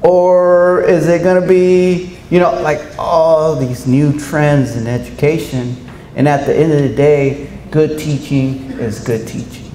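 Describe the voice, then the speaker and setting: A man delivers an animated storytelling speech to a room of educators and slips into the voices of the people he quotes. His voice sits somewhat high. The sound carries the echo of a large hall, with a faint hum of room noise behind it. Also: takes it slowly. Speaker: keynote speaker.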